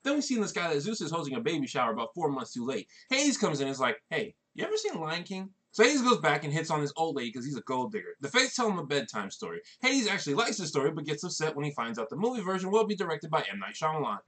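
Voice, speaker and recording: Guy doing a jokey movie recap, talks fast, husky voice, deadpan. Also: a little high. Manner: deadpan, wisecracking. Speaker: comedy narrator.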